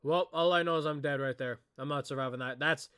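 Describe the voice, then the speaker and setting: A male streamer reacting to videos in an excitable, rambling way, talking straight to his viewers. His voice sits a little high and sounds bright and tense. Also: fast, clean tone. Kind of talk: casual reaction commentary.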